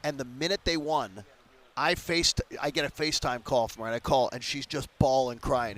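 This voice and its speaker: Animated fifties sports-talk man. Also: medium pitch, a little fast. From Philadelphia area. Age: 50s. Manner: animated, emphatic storyteller. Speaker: sports radio guest. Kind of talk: casual radio row interview.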